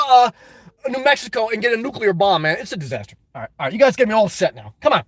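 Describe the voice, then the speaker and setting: Sitting high in pitch and speaking briskly, a man hosts a casual livestream, crudely rambling through viewer chat and launching into loud, excited rants. His voice is slightly rough, with no echo on the recording.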